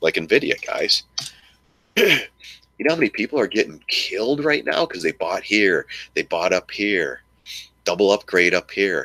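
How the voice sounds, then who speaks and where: A man with a very low voice hosts a casual trading live stream, rambling and restarting his sentences. His tone is bright and forceful, and the sound is dry and close with no room echo. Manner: rambling, repeats words, fillers and restarts; mocks frustrated traders in a shrill yelling voice.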